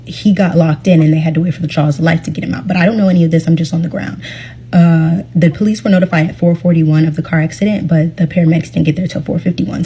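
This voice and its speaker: A woman's voice: lowish voice, mellow, husky. A woman casually telling her own accident story in a chatty way, full of fillers and quoted speech. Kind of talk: casual first-person storytelling.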